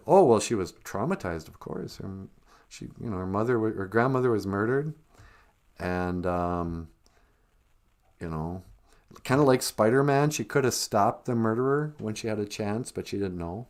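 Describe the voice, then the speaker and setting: Host, male, wry comic storyteller, low voice with a lively range. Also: a little slow, pauses often. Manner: wry, sarcastic. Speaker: live stream host. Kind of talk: comedic storytelling.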